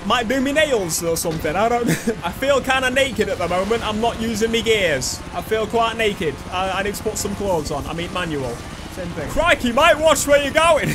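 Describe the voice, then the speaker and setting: A young man giving cheeky, sweary, excitable commentary while playing a video game. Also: high voice, noisy background. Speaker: gaming YouTuber. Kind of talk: casual gameplay commentary. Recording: game music playing underneath.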